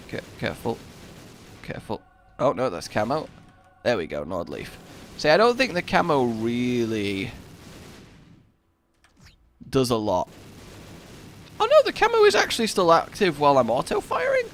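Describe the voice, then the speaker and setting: A man in his twenties, chatting over gameplay and telling a funny story with excitable outbursts. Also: medium pitch, a little hiss or hum. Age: 20s. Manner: excitable anecdote-telling, bursts into loud exclamations. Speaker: gaming YouTuber.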